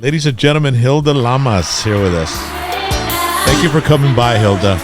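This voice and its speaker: A man hosting a podcast, speaking in a relaxed, easygoing way and reacting briefly to his guests. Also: medium pitch, normal speed, over loud music. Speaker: podcast host. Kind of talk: casual interview chat.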